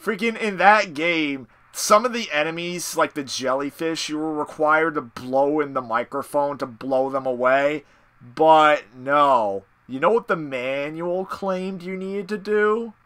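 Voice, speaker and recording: A young man chatting casually with friends while streaming a game, telling stories with sudden loud bursts. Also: on the high side, measured pace. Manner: animated storyteller, yells in bursts. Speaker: gaming streamer. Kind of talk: casual gaming chat with friends.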